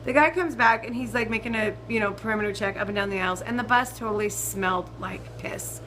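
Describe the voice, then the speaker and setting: Brash, bright-voiced woman ranting. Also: medium pitch, quick pace, a little hiss or hum, low-quality recording. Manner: profane, emphatic, swings between loud outbursts and muttered asides. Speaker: vlogger. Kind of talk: ranting storytime vlog.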